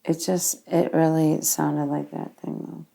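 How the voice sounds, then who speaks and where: A woman's voice: low-pitched, level tone, slow, gravelly, mellow. A woman paranormal investigator chatting casually and jokingly during a ghost hunt. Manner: joking, offhand.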